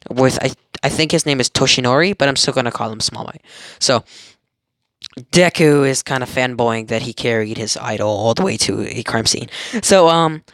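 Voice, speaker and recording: A man's voice: medium pitch, normal speed, no echo, studio quality. Rambling young guy retelling a cartoon. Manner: rambling, self-correcting, excitable. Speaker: fan storyteller. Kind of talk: casual retelling of an anime.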